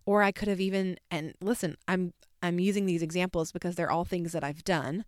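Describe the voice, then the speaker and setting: A woman's voice: fairly low pitch, moderate pace, no echo, clean studio sound. A woman in her thirties, a podcast host, telling a rambling, emphatic story in casual chat with lots of fillers. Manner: chatty, rambling, warmly emphatic with many fillers.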